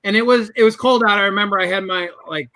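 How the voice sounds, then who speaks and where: A man's voice: sits high, fast, sharp tone. A man telling a business story as a guest in an interview, acting out both sides of the conversations.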